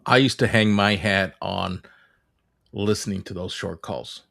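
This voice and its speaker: Low gravelly guy on a podcast, says it straight, blunt and honest. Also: unhurried, a bit bright. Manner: candid and blunt. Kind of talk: conversational podcast discussion.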